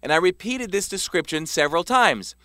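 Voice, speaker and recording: A man reading a self-help text aloud as scripted narration, measured and emphatic. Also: high-pitched, lively intonation, pushed and bright, dry recording, clean studio sound. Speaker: author narrating his self-help book.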